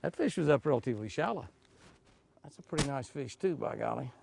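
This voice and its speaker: A man's voice: medium pitch, lively intonation, fast, vocal fry, noisy background. A man hosting a fishing show from a boat on a lake, exclaiming over each catch, chuckling, and talking to himself. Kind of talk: excited fishing commentary.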